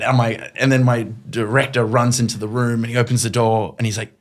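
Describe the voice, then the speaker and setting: Animated man telling stories on a podcast. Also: medium pitch. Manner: animated, quick, acts out his own past lines. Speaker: guest, TV and radio presenter. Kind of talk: conversational storytelling.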